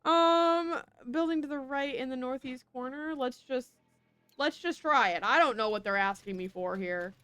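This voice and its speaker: A woman's voice: high-pitched, normal speed, bright, forceful tone, smooth, no echo. A woman streaming a video game in a casual chat, talking to herself and laughing at her own slips.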